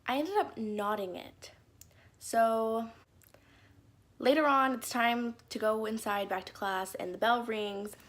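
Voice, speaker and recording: A woman's voice: on the high side, takes it slowly. A young woman telling embarrassing stories from her childhood in a casual vlog, with lots of "like" fillers and acted-out quotes. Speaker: YouTuber. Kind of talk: story time vlog.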